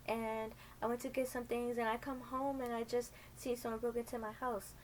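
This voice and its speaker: A woman voicing a frantic elderly woman who keeps repeating herself in a shrill, panicked voice. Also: level tone, normal speed, darkish tone, a little hiss or hum, close to an everyday voice, poor audio. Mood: distressed.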